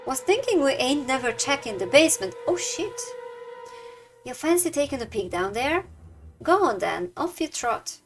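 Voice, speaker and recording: A woman voicing a jittery, gruff working-class male house guard in a game, with rough slangy delivery. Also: sits high, very animated, moderate pace, faint music behind, pitched above the performer's own voice.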